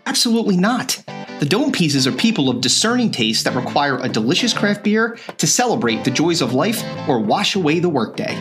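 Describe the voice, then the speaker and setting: A man co-hosting a podcast, chatting casually and reading a sponsor ad, crude and joking. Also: a little high. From New Jersey. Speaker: podcast co-host. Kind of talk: casual podcast chat with ad read.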